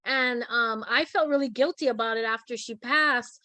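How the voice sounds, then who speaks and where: Talk show host, woman, high and bright voice, frank, dry recording. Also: normal speed, no echo.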